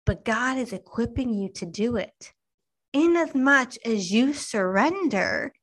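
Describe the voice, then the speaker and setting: A woman in her thirties speaks to mothers in an earnest devotional talk. She takes her time, leaning on each phrase with unhurried emphasis. Her voice sits at an ordinary middle pitch and at moments sinks to a soft, hushed near-whisper. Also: low-quality recording.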